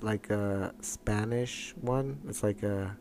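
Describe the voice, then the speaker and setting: A man's voice: on the low side, slow pace, darkish tone, slight background noise. Teasing man on a podcast. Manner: teasing, joking, mock voices. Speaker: podcast co-host. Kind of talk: casual chat.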